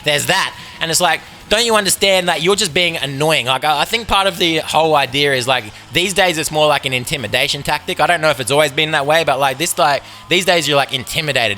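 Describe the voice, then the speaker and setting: A man's voice: on the high side, fast talker, hardly any pauses, bright, forceful tone, a little hiss or hum. A man with an Australian accent hosting a podcast, ranting in a sarcastic, profane, riffing way. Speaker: podcast host. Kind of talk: casual comedic rant.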